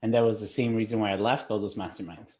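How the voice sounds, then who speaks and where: A man in a group discussion, telling a story in a lively way and swearing casually. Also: on the low side, fast, roomy sound. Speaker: participant.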